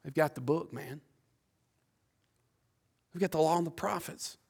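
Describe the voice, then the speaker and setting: Male preacher, high gravelly voice, fervent sermon delivery with stammered repeats and sudden loud peaks. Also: a little slow. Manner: impassioned, repeats words, swings from quiet to loud.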